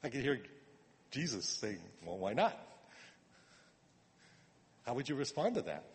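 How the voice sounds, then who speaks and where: A man preaching a sermon in a conversational way, repeating words and swinging from quiet asides to emphatic urging. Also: medium pitch, big pitch swings, measured pace. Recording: long reverb of a hall.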